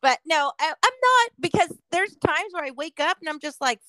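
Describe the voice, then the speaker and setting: A woman's voice: high voice, lively intonation, normal speed, few pauses, pushed and bright, dry recording. A middle-aged woman co-hosting a podcast, chatting casually, swearing constantly and laughing as she acts out quotes. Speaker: podcast co-host. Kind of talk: casual chat.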